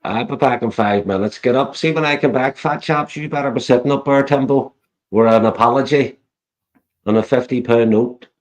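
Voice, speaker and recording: A man's voice: mid-range voice, normal speed. A man chatting on a live stream, teasing others crudely and swearing constantly. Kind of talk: casual chat.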